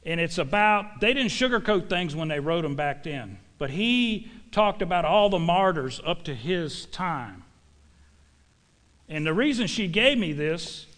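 A man with a fairly high voice for his sex, preaching in a church. He speaks in a folksy, emphatic way and leans on homespun sayings to drive each point home to his congregation. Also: fairly bright tone. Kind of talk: sermon.

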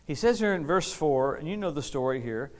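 Man, preacher, lively sermon, laughs a lot, repeats phrases, somewhat high-pitched. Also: fairly quick. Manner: exuberant, laughs often, repeats key phrases for emphasis. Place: church service with a responding congregation.

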